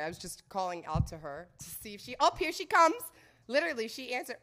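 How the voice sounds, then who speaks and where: A woman's voice: on the high side, sing-song, fast, bright, forceful tone. A woman hosting a comedy show, rambling through a casual, profane, joking monologue. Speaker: host of a comedy show about sex.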